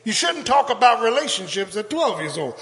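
An older male pastor preaching a sermon with call-and-response, building to shouts. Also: high voice, sing-song, a little fast. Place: church sanctuary. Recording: long church reverb.

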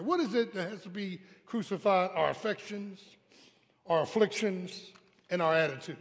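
A man preaching a humorous, animated storytelling sermon at a live service, calling out to the congregation. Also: high voice, normal speed, long reverb tail. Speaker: pastor. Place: church sanctuary, live service.

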